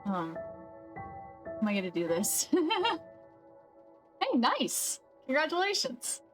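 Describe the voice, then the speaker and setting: Woman streamer, higher-pitched voice, thinking aloud as she plays, faint game music underneath. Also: wildly swooping pitch, slow pace. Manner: thinking aloud, self-questioning. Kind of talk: casual gameplay commentary.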